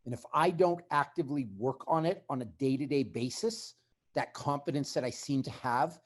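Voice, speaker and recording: A man's voice: medium pitch, normal speed. A man telling his story as a podcast guest, in a blunt, emphatic conversational way.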